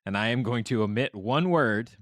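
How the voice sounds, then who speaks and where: A man hosting a casual podcast, running a game and reading headlines slowly, laughing often. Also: mid-range voice, expressive, a little hiss or hum. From Florida. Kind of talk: casual chat.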